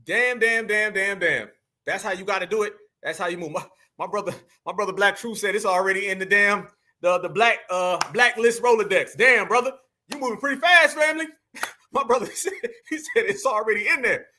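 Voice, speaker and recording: A man's voice: sits high, a little fast, sharp tone, slight background noise. A man hosting a fired-up online commentary, emphatic and preachy, calling his viewers family.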